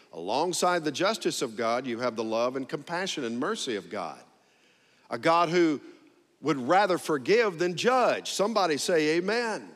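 Pastor Man preaching a sermon, slightly high voice, emphatic and drawn out, asks the congregation for amens, long church reverb. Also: a bit bright. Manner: calls for congregation responses. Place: church sanctuary.

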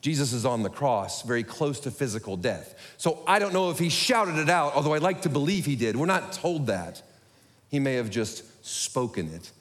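A man preaching a sermon to his congregation, talking quickly with self-deprecating humor. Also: fairly high pitch. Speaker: pastor. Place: church sanctuary. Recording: echoey hall.

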